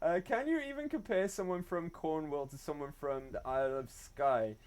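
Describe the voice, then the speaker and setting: A man's voice: a little high, moderate pace, a little mellow, clean tone. Chatty man streaming a game. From Wales. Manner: chatty, laughs often, reads chat aloud. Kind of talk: gaming livestream commentary.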